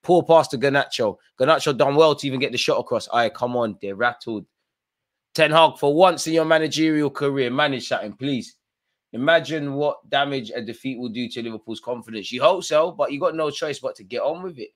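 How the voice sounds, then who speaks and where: A man hosting a live football watchalong, reacting loudly to the match with slangy banter and urging players on. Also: medium pitch, fairly quick. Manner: excitable, shouts at players, slangy.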